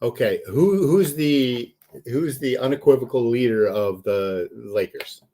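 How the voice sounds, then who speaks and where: A man's voice: medium pitch, unhurried, warm tone. A man co-hosting a sports podcast, pushing back with pointed questions. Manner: probing, pushes back with questions. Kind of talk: sports talk.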